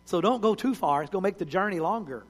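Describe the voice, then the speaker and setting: A male preacher, telling stories in a sermon and swinging between loud cries and hushed words. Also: high-pitched, animated, quick pace. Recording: long hall reverb.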